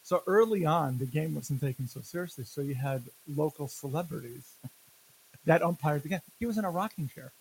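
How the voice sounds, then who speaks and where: Gravelly, animated man ranting about baseball. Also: on the high side, moderate pace, rough recording. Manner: animated, laughs often, jokey rants. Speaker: podcast co-host. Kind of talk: casual sports chat.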